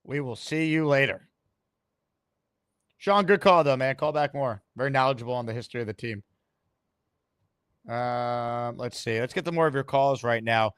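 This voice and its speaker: A man's voice: mid-range voice, moderate pace, pauses often, fairly bright tone, smooth, dry recording. A man hosting a sports podcast, talking brashly and theatrically, taking calls and reading out comments. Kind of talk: fan podcast monologue and call-in.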